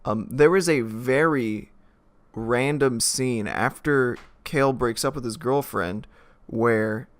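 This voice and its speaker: Man, mid-pitched, rambling film-review chat, filler-heavy, chuckling. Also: slow. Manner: rambling, many filler likes, laughs as he talks. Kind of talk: casual spoken movie review.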